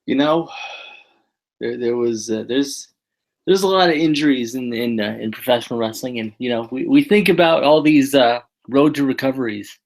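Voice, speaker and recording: A man co-hosting a podcast, talking in a deadpan, mock-serious, sarcastic way. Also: mid-range voice, moderate pace. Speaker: podcast co-host. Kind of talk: casual wrestling review chat.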